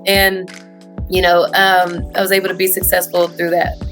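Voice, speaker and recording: A woman in her thirties speaks with a Houston accent, answering as a tennis coach in an earnest way, often pausing on "you know" and "um". Faint music plays underneath her voice. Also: fairly low pitch, completely flat delivery, fairly bright tone. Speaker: high school tennis coach. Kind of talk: interview answers.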